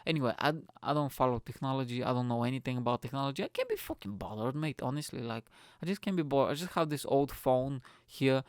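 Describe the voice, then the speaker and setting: A man hosts a solo podcast in a casual rant, rambling and profane as he tells stories with animation. His medium-pitched voice moves quickly, captured on a studio microphone with no echo.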